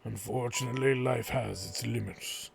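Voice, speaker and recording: A man with a gravelly, creaky voice reads a game's story aloud in a slow, measured narration. His pitch sits in an ordinary middle range, and soft music plays faintly behind him. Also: steady tone. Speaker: let's play host. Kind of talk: slow dramatic narration of game text.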